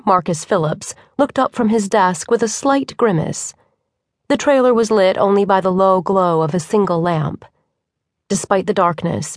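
A woman narrating a contemporary romance audiobook with an even, measured delivery. Her voice sits at a medium pitch, recorded dry and close with no room sound. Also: dry recording. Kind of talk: scripted narration.

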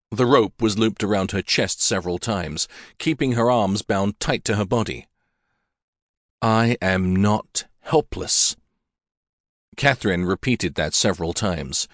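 A man with a lowish voice narrates a historical romance audiobook from a script, telling the story in a measured, even way. The recording is clean studio sound with no room sound.

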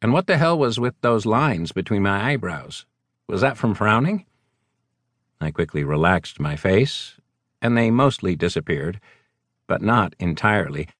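A man reading a first-person novel as an audiobook narrator, measured and wry. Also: lowish voice, animated, fairly bright tone, no echo, studio quality.

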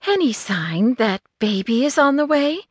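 A woman's voice: on the high side, sing-song, a little slow, husky, no room sound, studio quality, pitched above the performer's own voice, exaggerated voice. A woman voicing a chatty, playful older woman who runs a shop.

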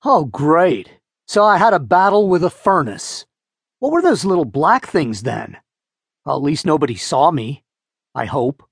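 A man's voice: on the high side, very animated, unhurried, gravelly, breathy edge, no echo, clean studio sound, exaggerated voice. A man voicing a sarcastic thirteen-year-old boy who mutters to himself. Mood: sheepish.

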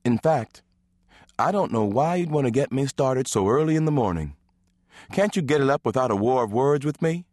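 A man voicing a teasing, sharp-tongued wife and mother in an audiobook, with playful, needling banter. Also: medium pitch, animated, normal speed, no room sound, clean studio sound, voice pushed up, close to an everyday voice.

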